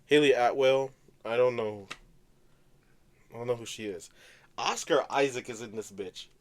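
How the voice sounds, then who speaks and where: A man's voice: medium pitch, moderate pace. A young man co-hosting a podcast, chatting casually in a laid-back, rambling way with slang. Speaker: podcast co-host. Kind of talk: casual chat.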